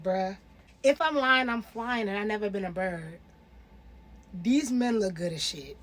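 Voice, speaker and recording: A woman in her twenties giving casual, animated commentary as a reality TV reviewer, slangy and emphatic. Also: sits high, a little slow. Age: 20s.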